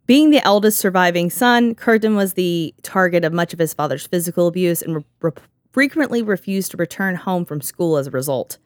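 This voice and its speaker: A woman's voice: on the low side, animated, fairly quick, no echo. A woman hosting a podcast in casual chat, sarcastic and often laughing, on a close mic. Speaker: podcast host.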